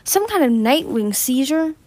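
A proud young ice dragon speaks in a cool, clipped and arrogant way, as a woman reads him. The voice sits fairly high, and the recording is dry. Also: very animated, unhurried, darkish tone, no room sound. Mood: demanding.

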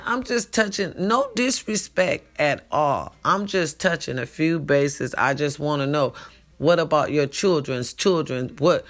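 Gravelly-voiced woman ranting to followers. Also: on the low side, fairly bright tone. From California. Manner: emphatic, repeats herself, calls to "y'all". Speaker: vlogger. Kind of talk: late-night monologue to followers. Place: home, at night.

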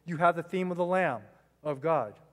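Rhetorical questions to the congregation and repeated phrases mark this male pastor's emphatic sermon. His voice is a little high and moderately paced, picked up by a mic in a church sanctuary with a long reverb tail.

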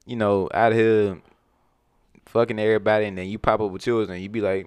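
A man's voice: fairly low pitch, flat delivery, a little fast, clear, resonant tone, no echo. A young man in casual chat, blunt and joking, telling stories in heavy slang.

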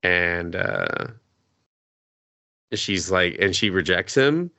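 A man's voice: low-pitched, wildly swooping pitch, extremely slow, vocal fry, pushed and bright, no echo. A man co-hosting a podcast, casually recapping a show in a rambling way, swearing freely and acting out the characters' lines. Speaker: podcast co-host. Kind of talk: casual anime recap chat.

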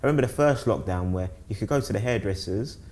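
A young man from South East London, England, speaks quickly in a low voice with a London accent. As a guest in casual conversation, he rambles, repeats words, restarts often, and gets animated telling stories.

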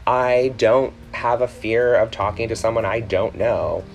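A man's voice: fairly low pitch, fairly even intonation, a little slow, vocal fry, faint music behind. A man hosting a podcast in a casual, rambling chat, full of ums and self-corrections. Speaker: podcast host.

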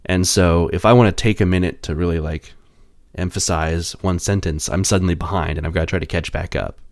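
A man's voice: low-pitched, fairly even intonation, brisk, dry recording, clean studio sound. A man co-hosting a podcast, explaining things in easygoing casual chat. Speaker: podcast co-host.

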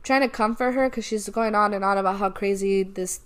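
Speaking briskly at a medium pitch, the young woman co-hosts a podcast and animatedly tells of a work call in casual talk. She quotes people's voices and laughs often.

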